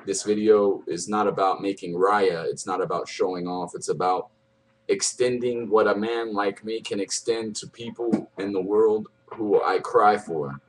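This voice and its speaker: A middle-aged man with a very low, husky voice gives a heartfelt personal testimony. He speaks with raw emotion, pleading and circling back over his words. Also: low-quality recording. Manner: emotional, pleading, repeats himself. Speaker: convert sharing his testimony.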